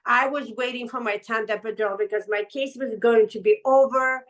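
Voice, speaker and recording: A woman's voice: mid-range voice, a bit bright, poor audio. A middle-aged woman telling her own story in a casual chat, emotional and rambling, with many restarts. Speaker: patch seller sharing her testimonial. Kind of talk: casual conversational testimony.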